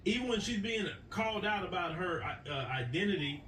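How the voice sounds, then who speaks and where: A man's voice: high voice, animated, moderate pace, fairly bright tone, far from the mic. Emphatic American man in an echoey room. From United States. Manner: emphatic and repetitive, hammering points home. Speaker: political commentary host. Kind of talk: opinion monologue to viewers. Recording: echoey room, voice away from the mic, faint noise.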